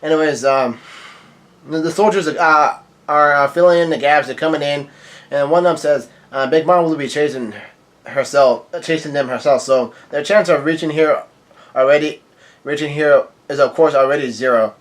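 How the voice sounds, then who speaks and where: A man with a slightly high voice reads comic panels aloud in an offhand way. He quotes characters flatly, trips over words and corrects himself. Now and then he breaks off to react in surprise. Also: normal speed. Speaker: manga reaction reader. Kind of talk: casual reading and reacting.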